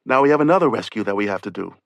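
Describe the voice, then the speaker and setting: A man's voice: on the low side, lively intonation, racing, gravelly, no room sound. A man narrating an oral history audiobook, telling a rescuer's account in first person with a conversational delivery. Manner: voices witness testimony in first person, conversational.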